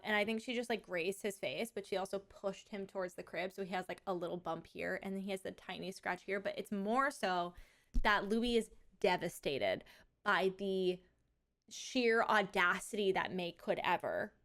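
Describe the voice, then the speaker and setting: A young woman streamer telling stories in casual chat, with lively quoted asides. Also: medium pitch. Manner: chatty storytelling, animated quoted asides.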